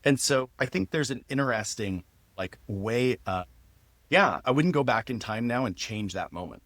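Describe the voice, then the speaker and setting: A man in his thirties, a podcast host, telling a personal story in a lively, casual way and laughing often. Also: mid-range voice, normal speed, no room sound.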